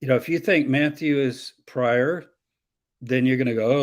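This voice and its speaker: Male professor, mid-pitched, lively explanatory lecturing. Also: normal speed. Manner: animated, explanatory lecturing with quoted voices. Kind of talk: teaching interview on scripture.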